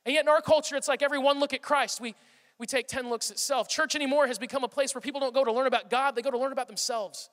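A man's voice: extremely high pitch, steady tone, rapid-fire, fairly bright tone, in a large hall. A pastor in his thirties preaching a sermon with passion, often restarting his sentences. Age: 30s. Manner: impassioned, rambling with restarts. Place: church hall.

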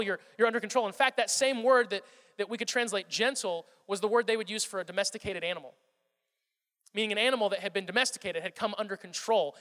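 A man preaching in a casual, storytelling way, stumbling and repeating words as he goes. His voice is high for a man and bright. Long reverb from a large hall follows him. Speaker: pastor. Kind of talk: sermon.

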